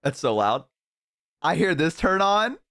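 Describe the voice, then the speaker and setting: A man on a headset streams from home, telling his chat a profane, rambling story punctuated by laughter. His fairly high, fairly bright voice has a sing-song quality and a measured pace.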